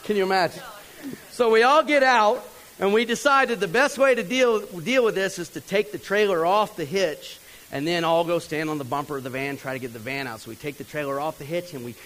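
A man speaking a little fast delivers a humorous storytelling sermon, talking straight to the congregation with animation and mimicking people in a higher voice. The poor recording has a little hiss or hum.

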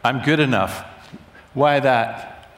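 Man, church teaching leader, conversational, quizzes the crowd, echoey hall, mid-pitched voice. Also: takes it slowly, fairly bright tone. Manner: conversational, asks the room questions, repeats answers back. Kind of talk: interactive teaching with prayer. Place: large hall with audience and box seats.

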